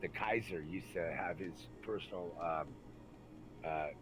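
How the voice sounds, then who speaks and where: A man with a fairly low voice tells rowdy army stories in loose, swearing chat and acts out everyone in them. There is a faint hum of background noise behind him. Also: measured pace. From Santa Rosa, California, USA. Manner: animated, acts out the people in his stories, many fillers. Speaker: storyteller recalling army days. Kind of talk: casual profane storytelling chat.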